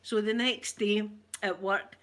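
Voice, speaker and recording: A woman's voice: mid-range voice, fairly even intonation, slow pace, a bit bright. A woman with a Scottish accent hosting a casual live chat with viewers, telling stories and laughing often. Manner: chatty storyteller who laughs often. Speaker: livestream host.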